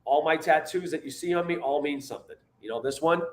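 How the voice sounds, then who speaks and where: A man with a Boston accent talks as a fitness coach in a punchy, joking, motivational way. His voice sits a little high for a man. He jumps from slogans to gags with a preacher's push. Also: fast talker. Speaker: fitness trainer and transformation coach. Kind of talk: motivational guest interview.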